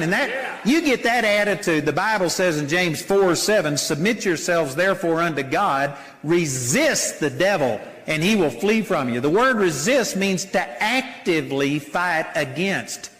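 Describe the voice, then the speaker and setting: Older preacher, high lively voice, folksy sermon delivery in a reverberant hall. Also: male voice, measured pace. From Texas. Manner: animated, folksy storytelling with mock voices.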